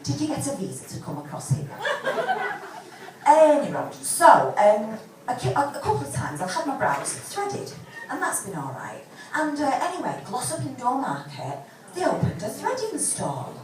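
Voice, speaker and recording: A woman's voice: high-pitched, wildly swooping pitch, normal speed, crowd noise. A woman, doing a chatty, self-deprecating stand-up set at a pub gig and swearing freely. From England. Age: 40s. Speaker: stand-up comedian. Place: pub comedy gig with live audience. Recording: roomy distant live recording with background noise.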